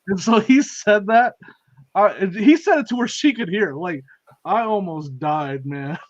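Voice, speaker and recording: Man, high lively voice, giggly co-host, muffled lo-fi sound. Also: unhurried. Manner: giggly, laughs a lot. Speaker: podcast co-host. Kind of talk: casual chat.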